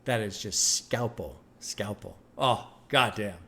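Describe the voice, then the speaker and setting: A man's voice: on the low side, slow, sharp tone, slight background noise. A male reaction host talks through an album in casual commentary, thinking aloud as he goes. His delivery is emphatic and loose, with plenty of swearing. The tone is unscripted and conversational.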